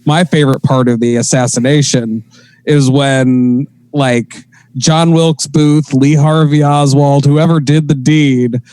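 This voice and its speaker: A man's voice: medium pitch, fairly even intonation, unhurried, a little mellow, clean tone, no echo, poor audio. A man co-hosting a comedy podcast, riffing loosely and swearing often as he acts out little voices. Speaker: podcast co-host. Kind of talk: casual comedic banter.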